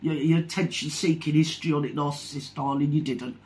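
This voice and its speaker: A woman's voice: sits low, fairly even intonation, normal speed, darkish tone. A woman hosting online commentary, ranting in a sarcastic, insulting, scathing way. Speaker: commentary channel host.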